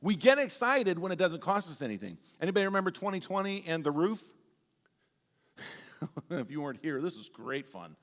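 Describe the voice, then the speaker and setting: A man preaching a sermon as pastor, telling animated, humorous stories with big swings in his voice. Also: on the high side, normal speed. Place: church sanctuary. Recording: long church-hall reverb.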